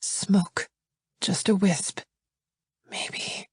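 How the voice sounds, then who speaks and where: A woman's voice: mid-range voice, steady tone, very slow, darkish tone, husky, no room sound, clean studio sound, pitched above the performer's own voice, exaggerated voice. A woman voicing an exhausted, freezing young woman who speaks in a faint, drowsy murmur.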